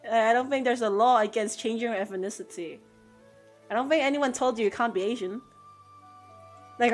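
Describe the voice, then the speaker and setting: Woman art streamer, playful banter, slightly high voice, faint music behind. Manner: playful, joking, laughs often. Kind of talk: casual chat on a live stream.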